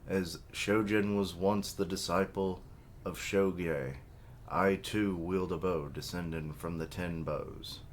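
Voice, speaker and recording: A man voicing an earnest young archer, nervous but set on his choice, in a deep, slow voice. It is a comic read aloud, with faint hiss in the background. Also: steady tone. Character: young male archer, anxious but determined younger brother.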